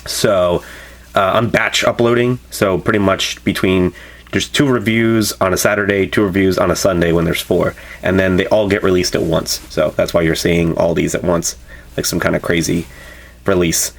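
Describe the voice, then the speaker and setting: A man with a very low voice talks through a drink review in a loose, rambling way. He keeps correcting himself and filling gaps with "um" and "you know". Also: normal speed, vocal fry. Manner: rambling, relaxed, lots of fillers and self-corrections. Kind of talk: casual product review vlog.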